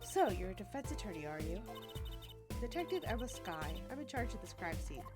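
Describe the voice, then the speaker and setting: A woman's voice: medium pitch, very animated, brisk, loud music behind the voice, lightly acted. A woman voicing a grumpy young female detective who speaks dryly and dismissively. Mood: irritated.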